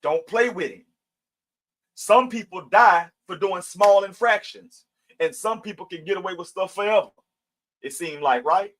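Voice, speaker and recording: A man's voice: high-pitched, a little slow, fairly bright tone, rough recording. Preachy man teaching scripture. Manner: preachy, conversational, with scripture readings. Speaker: Bible study teacher. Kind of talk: livestream Bible teaching.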